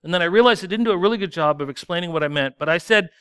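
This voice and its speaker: A man's voice: high-pitched, rapid-fire, fairly bright tone, smooth, no room sound, studio quality. A man preaching a sermon in a conversational, self-deprecating way. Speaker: pastor.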